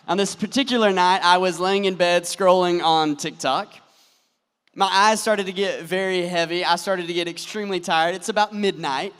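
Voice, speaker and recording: A young man telling a story as a motivational speaker, his voice sitting a bit high for a man. He sinks to quiet, slow lines to land a point. His voice rings out with a long reverb through a large hall. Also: smooth. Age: young adult. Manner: storytelling, dropping soft and slow for emphasis. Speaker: convention speaker. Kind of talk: motivational speech.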